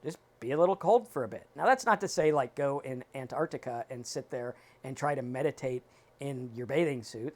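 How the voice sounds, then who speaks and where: A man co-hosting a recovery talk show, giving casual advice in an animated, emphatic way and acting out his own inner thoughts. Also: on the high side. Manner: animated, emphatic, talks in quoted self-talk. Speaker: podcast co-host.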